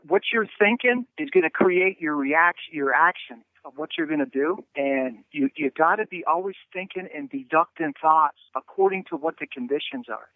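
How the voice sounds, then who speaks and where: A man talks over a thin, phone-like line. His voice sits a little high. He tells his story with animation, tripping over words and checking in with "right?". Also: dry recording. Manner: animated storyteller, frequent "right?" and stammered restarts. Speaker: hunting guest. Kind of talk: storytelling interview.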